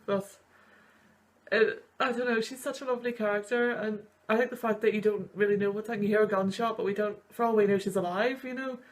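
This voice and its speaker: A woman's voice: medium pitch, steady tone, fast talker. A woman in her twenties, a student, giving rambling, emotional reaction commentary on sad film scenes. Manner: gushing, rambling, sniffly over sad scenes. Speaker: university student and video host.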